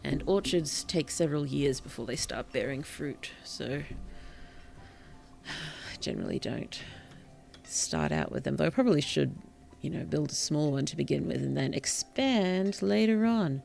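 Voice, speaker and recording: A streamer giving relaxed gameplay commentary in a gentle, whimsical, polite way, with puns and soft whispered asides. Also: mid-range voice, measured pace, creaky, soft background music. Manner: drops into soft whispers at times. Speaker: VTuber streamer and author.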